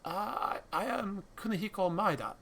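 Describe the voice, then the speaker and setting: A man's voice: high voice, animated, creaky, slight background noise, pitched above the performer's own voice, full character voice. A man doing a hesitant Japanese scientist. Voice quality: halting, soft-spoken, avoids a thick accent.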